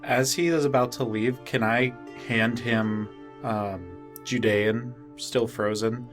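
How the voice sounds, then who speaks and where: A man's voice: medium pitch, steady tone, takes it slowly, music in the background. A man playing a tabletop game, speaking casually with some hesitation. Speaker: player.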